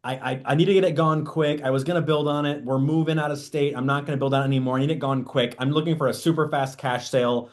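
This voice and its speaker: A man voicing a hurried male land seller, who is a scammer eager to sell fast. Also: mid-range voice, fairly even intonation, close to an everyday voice.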